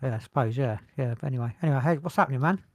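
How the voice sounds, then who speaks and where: A man co-hosting a casual podcast, joking loudly, swearing and slipping into mock voices. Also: mid-range voice, rapid-fire, no echo. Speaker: podcast co-host. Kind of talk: casual chat.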